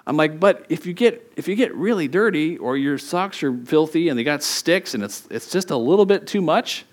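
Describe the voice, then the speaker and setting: A middle-aged man preaching a sermon, telling a family story with animated quoted voices and laughter. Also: fairly high pitch, moderate pace. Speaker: pastor.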